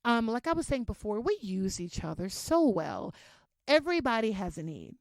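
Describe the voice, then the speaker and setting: A young woman talks straight to her listeners in a loose, animated monologue, swearing freely and stretching out the words she wants to land. Her voice sits a bit high. The sound is close and dry, with no room around it. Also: moderate pace, no room sound. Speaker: podcast host. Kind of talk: casual self-help monologue.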